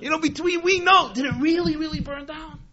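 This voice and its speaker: A man's voice: very high-pitched, steady tone, a little fast, pushed and bright, voice pushed up. A man voicing a suspicious, wealthy old male miser who keeps insistently questioning. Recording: dull lo-fi recording.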